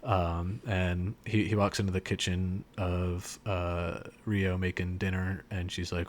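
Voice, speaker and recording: A male podcast co-host with a low-pitched voice retells a scene slowly and with flat delivery. His casual chat rambles, with lots of fillers and restarts.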